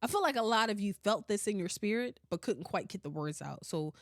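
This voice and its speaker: A woman hosting a podcast in casual chat, animated and blunt, swearing freely and often breaking into laughter. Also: medium pitch, fairly quick, no echo, clean studio sound. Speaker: podcast host.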